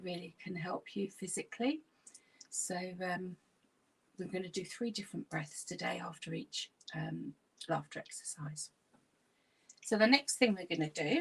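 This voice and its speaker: A woman, a laughter yoga leader gently guiding an online exercise class through stretches and breathing. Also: mid-range voice, slightly rough.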